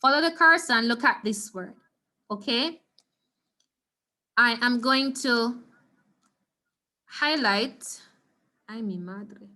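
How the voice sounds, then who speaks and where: Bright-voiced Jamaican woman teaching online. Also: a little high. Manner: patient, repeats words slowly for students. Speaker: Spanish teacher. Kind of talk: online class lesson. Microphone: computer mic on a video call.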